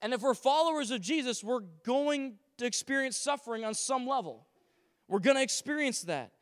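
A man from Canada preaching a sermon as a pastor to his congregation, animated, with humorous asides and acted-out quotes. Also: extremely high pitch, normal speed, long reverb tail. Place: church sanctuary.

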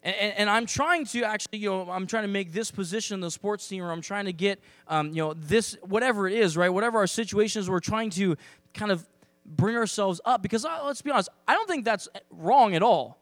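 High-voiced animated man preaching. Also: brisk, dry recording. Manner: animated, conversational preaching with acted-out asides. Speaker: pastor. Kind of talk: sermon.

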